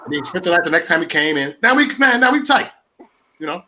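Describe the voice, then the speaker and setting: Brief: forties male stream host on a profane, combative rant, bright edgy tone. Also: on the high side, big pitch swings, fast talker, slight background noise. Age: 40s. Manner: profane, repetitive, confrontational. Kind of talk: ranting live stream talk.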